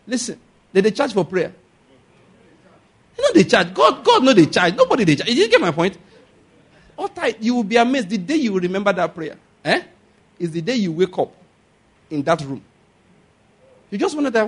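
A man's voice: high-pitched, big pitch swings, brisk, pauses often, husky. A man preaching a sermon as a pastor, emphatic and often asking the congregation for an amen. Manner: emphatic, asks the congregation for amens.

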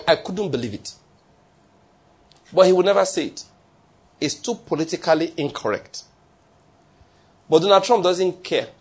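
Preacher guy, kinda husky voice, hammers his points and repeats em, trips on words sometimes. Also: sits high. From not from the United States. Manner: emphatic, repeats key phrases for effect. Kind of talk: sermon.

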